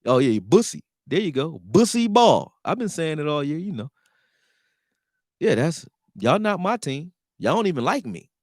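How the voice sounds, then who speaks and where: A man talking casually on a sports live stream, profane and animated, answering his chat. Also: fairly high pitch, normal speed, no echo, clean studio sound.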